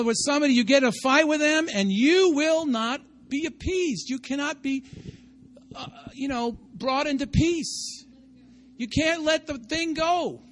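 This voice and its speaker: High-voiced man preaching a lively sermon. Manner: conversational preaching, rising to shouts; asks the congregation for responses. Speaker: pastor.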